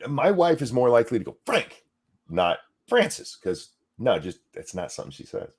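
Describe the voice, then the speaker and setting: A middle-aged man with a medium-pitched, brisk voice, some vocal fry and a breathy edge co-hosts a live stream. He reads out donations and jokes in an animated, profane, rambling way, often restarting his sentences.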